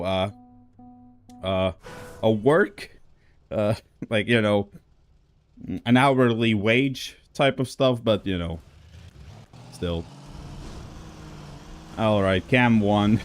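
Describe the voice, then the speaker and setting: A man with a lowish voice talks slowly through racing game replays on a live stream, rambling and restarting his sentences. He coughs now and then, and a faint hum sits behind him. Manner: relaxed, rambling, many fillers and restarts. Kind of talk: casual live-stream commentary.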